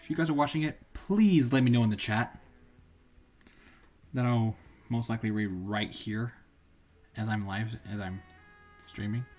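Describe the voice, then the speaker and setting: A man's voice: on the low side, unhurried, long pauses, a little mellow, faint music behind. A man streaming live, reading stories aloud in a casual, rambling way and often stopping to correct himself.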